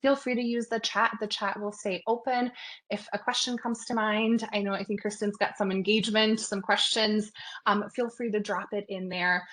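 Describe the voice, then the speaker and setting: Woman host on a video call going over the ground rules, relaxed, a few ums, mid voice. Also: mid-range voice. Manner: friendly, relaxed, with ums and small laughs. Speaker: session host and moderator. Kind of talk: webinar housekeeping announcements.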